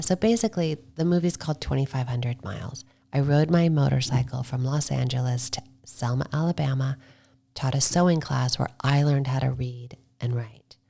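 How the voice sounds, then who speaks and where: Low gravelly woman telling stories. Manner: animated storytelling, quotes herself. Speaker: podcast guest, filmmaker. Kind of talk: casual interview chat.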